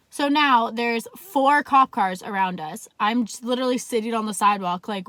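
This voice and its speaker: This young vlogger from Canada has a fairly high, fairly bright voice and a moderate pace, in a dry recording. Chatty and casual as she tells her story, she swears a lot and leans heavily on "like."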